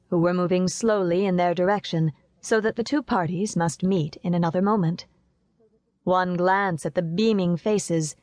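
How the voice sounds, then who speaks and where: Woman reading an old novel audiobook, lowish voice, steady, super dry sound. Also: dry recording. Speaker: audiobook narrator. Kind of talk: scripted narration of a classic novel.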